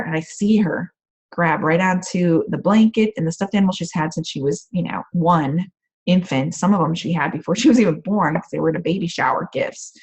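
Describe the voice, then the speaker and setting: A woman's voice: on the low side, slightly rough. A woman coach giving casual, rambling advice on a group call from her home office, with frequent "um" fillers. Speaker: empath coach.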